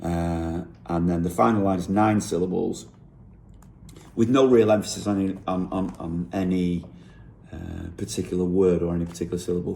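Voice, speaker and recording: A man with a low, gravelly voice talks through the lyrics he wrote. His tone is dark and mellow, and he thinks aloud, often pausing to correct himself as he breaks down rhyme and rhythm. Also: steady tone, slight background noise. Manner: thinking aloud, unhurried, with frequent self-corrections. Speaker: songwriter. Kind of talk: explaining how he wrote a song lyric.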